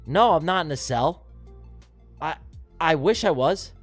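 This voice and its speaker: An animated, exasperated trading-stream host. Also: male voice, fairly high pitch, a little slow, faint music behind. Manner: exasperated, venting, profane. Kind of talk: live trading stream chat.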